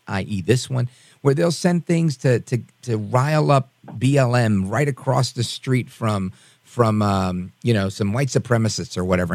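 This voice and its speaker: A man hosting a political talk show, talking in an animated, conversational and rambling way. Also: medium pitch, no room sound.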